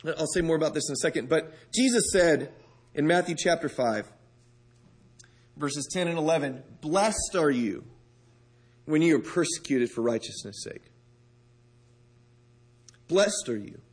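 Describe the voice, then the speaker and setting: A man preaching a sermon, talking to his listeners, asking them direct questions, and moving between loud emphasis and soft, gentle lines. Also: on the high side, moderate pace. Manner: conversational, asks the audience direct questions.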